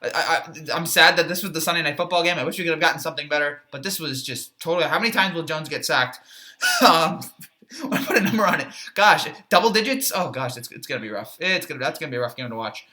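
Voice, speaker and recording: A man's voice: fairly high pitch, quick pace, sharp tone. A man giving a rambling, opinionated football recap, full of fillers and restarts, with a sarcastic streak. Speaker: sports reaction YouTuber. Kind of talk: casual football recap monologue.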